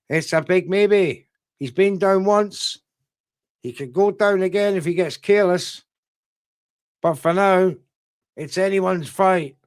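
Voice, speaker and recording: With a medium-pitched voice and no echo, this man delivers live boxing commentary during a UK-based watchalong stream. He talks to his audience in a relaxed, conversational way, answering their chat and naming them directly.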